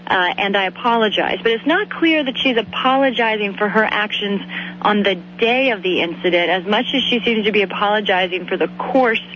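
A woman reporter lays out the news in a measured, explanatory way. The radio audio is dull and lo-fi, with a faint hum underneath. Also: mid-range voice, fairly bright tone. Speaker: congressional reporter.

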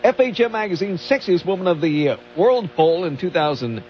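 A man with a high voice reads celebrity news on a radio show, dry and measured. The recording is dull, with a faint hum behind it. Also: animated. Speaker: radio co-host reading entertainment news. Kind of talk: read news segment with banter.

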